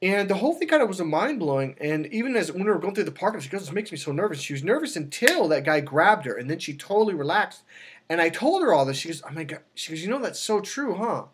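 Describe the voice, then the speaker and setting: Man, husky voice, lively swings in pitch, casual storytelling, acts out quotes. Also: fast talker. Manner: animated, acts out quotes with sudden high exclamations. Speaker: dating coach.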